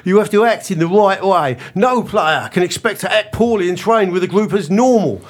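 A man doing a stern, lecturing football manager with a jokey mock-Cockney accent. The voice sits well above his own and comes out louder and more emphatic. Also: high voice, expressive, moderate pace, pitched above the performer's own voice.

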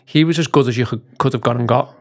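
A male guest on a casual football podcast speaks in a gravelly, fry-heavy voice at a middle pitch. He's measured and thoughtful, pausing on the occasional filler as he builds his point.

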